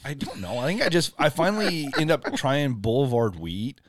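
A man's voice: medium pitch, sing-song, normal speed. A man on a podcast chatting loosely and laughing through his answers. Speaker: podcast guest. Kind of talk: casual chat.

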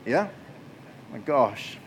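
A man's voice: medium pitch, big pitch swings, very slow, a little hiss or hum, low-quality recording. A man preaching a casual, chatty sermon in church, laughing often and using lots of fillers. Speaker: pastor.

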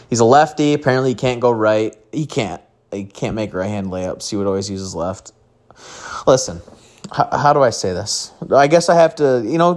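A man from mid-Michigan hosting a casual sports podcast, rambling and joking at his own expense. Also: lowish voice. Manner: rambling, joking, self-mocking.

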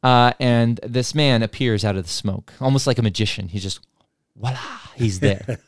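Smooth-voiced man telling a story. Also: mid-range voice, moderate pace, dry recording, studio quality. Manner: relaxed, chuckles through his own story. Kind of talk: casual storytelling.

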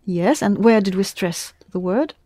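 A woman's voice: medium pitch, lively intonation, measured pace, warm tone, dry recording, clean studio sound. A woman teaching a language class, patiently prompting her students with questions. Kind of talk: classroom lesson.

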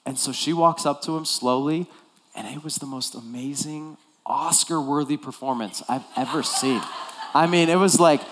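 A man preaching a sermon as pastor, telling a story with animated delivery and acting out the scenes. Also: on the high side, normal speed.

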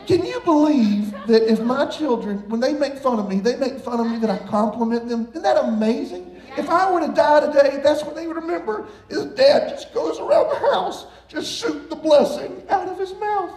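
A man's voice: very high voice, moderate pace, few pauses. A man preaching a sermon as a pastor, telling stories with frequent laughter. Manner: animated, laughing storyteller. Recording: echoey room.

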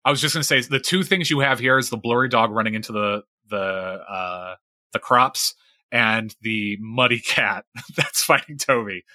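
A man runs a tabletop game, describing the action in a lively, descriptive way. His voice is lowish but bright, recorded dry and close. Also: normal speed, dry recording. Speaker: game master.

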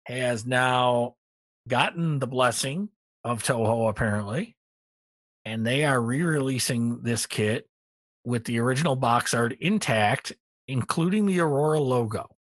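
A middle-aged man co-hosting a casual hobby podcast, relaxed and rambling with many ums, a little tired. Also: medium pitch, measured pace, no echo. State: tired, yawning. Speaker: podcast co-host. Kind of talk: casual hobby news chat.

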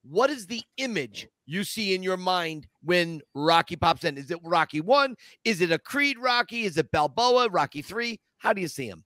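A man's voice: high-pitched, expressive, moderate pace, few pauses, pushed and bright, no room sound, clean studio sound. A man hosting a podcast interview, upbeat and friendly, who asks pointed questions. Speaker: podcast host.

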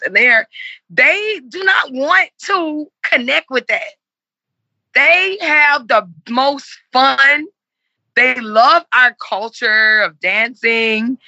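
A woman's voice: high-pitched, animated, slow, gravelly, bright, forceful tone, no echo, muffled recording. A woman in her forties, speaking earnestly and with passion in an interview and repeating herself for emphasis. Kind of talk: heartfelt conversational interview.

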